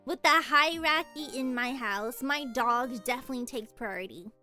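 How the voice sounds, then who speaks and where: A young woman streaming, chatting casually with giggly, animated storytelling. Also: sits high, normal speed, soft background music. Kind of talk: casual chat.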